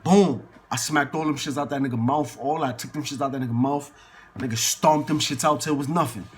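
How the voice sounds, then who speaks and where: A man's voice: mid-range voice, fairly quick. A man telling a casual story in slangy, profane street talk, acting out the people in it. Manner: slangy and profane, acts out quoted people in lively bursts.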